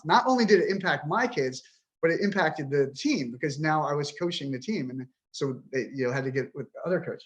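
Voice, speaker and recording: A man in his fifties, a podcast guest, talking with frustration and swearing bluntly as he vents. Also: on the high side. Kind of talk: emotional interview talk.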